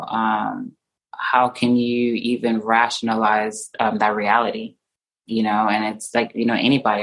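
A young woman recounting a hard personal experience in conversation, halting and full of fillers and restarts, her voice often soft and trailing off. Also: very deep voice, poor audio. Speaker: interview guest.

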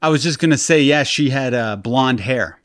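A laid-back man co-hosting a casual podcast chat, amused and a little halting. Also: medium pitch, fairly bright tone, no room sound, studio quality.

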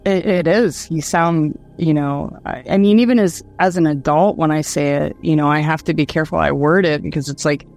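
A woman from Ohio, a guest telling a personal story in a halting way, with many fillers, restarts and nervous laughs. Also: sits low, darkish tone, soft background music. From Dayton, Ohio, USA. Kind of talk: casual storytelling.

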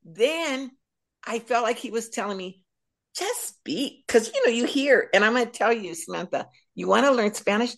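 A middle-aged woman, a guest speaker, sharing her personal faith testimony as an animated storyteller. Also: fairly high pitch, moderate pace, gravelly.

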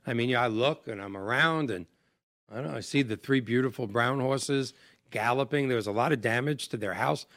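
Male host, mid-pitched, lively storyteller who pokes fun at himself; dry, close studio sound. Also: brisk, no room sound. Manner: animated, tells jokes against himself. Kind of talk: casual storytelling.

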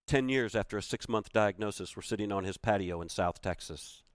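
A man's voice: fairly low pitch, brisk, smooth, no echo, clean studio sound. A man giving a motivational keynote. He tells a personal story with emphasis and repeats key phrases for weight. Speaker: motivational speaker.

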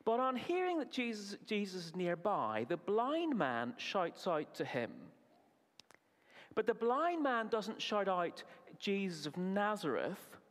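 A man preaching at a family service, asking the children questions and praising their answers in an animated way. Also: sits high, slow. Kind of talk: children's talk in a sermon. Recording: long reverb of a large hall.

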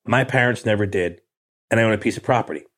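This middle-aged man speaks fast, his voice on the low side. As a guest in a casual interview, he tells a blunt, street-smart story, acting out the quoted dialogue in animated fashion.

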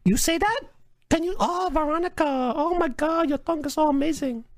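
A man faking a high flirty woman. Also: fairly quick, dry recording. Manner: pushy, teasing, speaks in broken English. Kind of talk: prank call.

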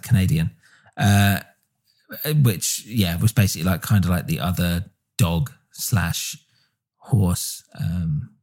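A man co-hosting a podcast, chatting casually and enthusiastically with lots of fillers. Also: deep voice. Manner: relaxed, filler-heavy, enthusiastic. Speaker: podcast co-host. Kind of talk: casual chat.

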